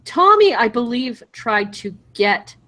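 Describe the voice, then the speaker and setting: A woman's voice: on the high side, slow pace. A woman co-hosting a podcast, chatting about a TV show and acting out scenes as she goes. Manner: animated, acts out scenes in quoted voices. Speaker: podcast co-host. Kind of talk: casual chat reviewing a TV show.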